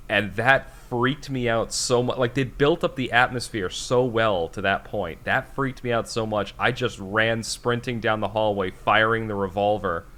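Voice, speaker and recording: Podcast guy, kinda low voice, rambly, swears casually, laughs mid-sentence. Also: normal speed, hardly any pauses, fairly bright tone. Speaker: podcast co-host.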